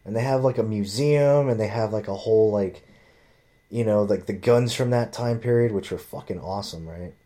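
A man's voice: lowish voice, moderate pace. A man casually telling a long personal story, rambling and swearing freely, acting out what others said. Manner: rambling, profane, animated quoting of others.

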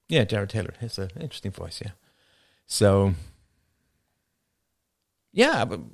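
A man's voice: low-pitched, creaky, no echo, clean studio sound. A man hosting a show, giving casual commentary and answering chat with rhetorical questions and frequent laughs. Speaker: show host.

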